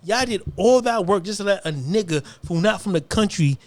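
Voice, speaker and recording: A man's voice: high voice, expressive, moderate pace. A man delivering a heated, confrontational monologue, hammering points through repetition. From United States.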